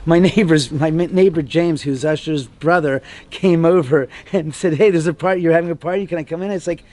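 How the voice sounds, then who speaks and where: A homeowner giving a tour, telling stories in an animated way and acting out the quoted voices of other people. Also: male voice, on the high side, fairly quick. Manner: acts out quoted dialogue, rambling with restarts. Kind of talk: animated storytelling.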